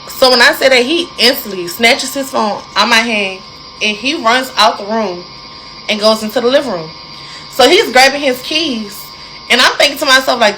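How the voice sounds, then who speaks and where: Young adult woman, casual storytime, animated, talks to listeners, slightly high voice. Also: a little hiss or hum, low-quality recording. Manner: animated, addresses listeners directly, dramatic pauses.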